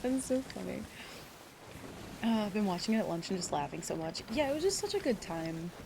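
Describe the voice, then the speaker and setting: Teary, gravelly woman streamer. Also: mid-range voice, sing-song, fairly quick, noisy background. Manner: rambling, emotional, swears freely, greets chat by name. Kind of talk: casual live-stream chat.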